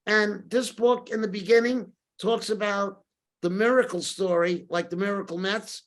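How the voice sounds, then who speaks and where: Older man, podcast guest, lively storyteller who acts out the people he quotes. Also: sits high, moderate pace.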